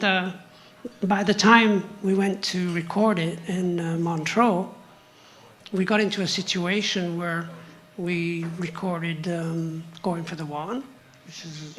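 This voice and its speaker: An older man with a high voice, telling stories as a musician guest on a live stage, humming and singing song parts as he goes. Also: fairly even intonation, a little slow, fairly bright tone. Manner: hums and sings song parts while telling stories, chuckling. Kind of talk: live on-stage interview storytelling.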